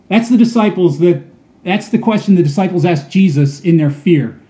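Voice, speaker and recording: A man's voice: high voice, expressive, moderate pace, dark tone. A man preaching a sermon, telling a story earnestly and often repeating words as he goes. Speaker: pastor. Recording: echoey room.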